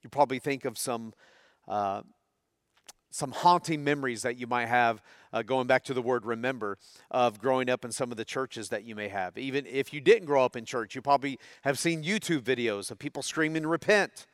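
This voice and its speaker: A man's voice: medium pitch, brisk, dry recording, clean studio sound. A middle-aged man preaching a sermon, talking conversationally and putting questions to his audience. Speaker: pastor.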